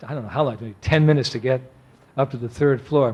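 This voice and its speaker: A man in his sixties, a monk giving a storytelling lecture, animated, acting out the people he quotes and chuckling often. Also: mid-range voice, fast, slight background noise.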